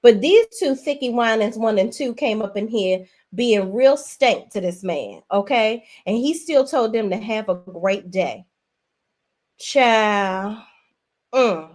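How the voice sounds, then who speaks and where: A woman's voice: fairly high pitch, lively intonation, slow, darkish tone. Sassy woman chatting live to viewers. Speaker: livestream host. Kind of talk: casual livestream chat.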